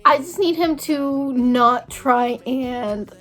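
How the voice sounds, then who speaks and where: A woman's voice: sits high, takes it slowly, fairly bright tone, faint music behind. A young woman vlogging a casual storytime, chatty and full of filler words, acting out each conversation. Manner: chatty, valley-girl fillers, acts out dialogue.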